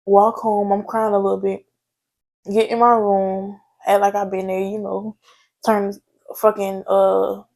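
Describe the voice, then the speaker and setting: A woman's voice: mid-range voice, vocal fry, a little mellow. A young woman, telling a personal story to her viewers in a candid, chatty way. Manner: candid, chatty, talks straight to viewers with frequent "like" and "y'all". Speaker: vlogger. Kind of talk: casual storytime chat.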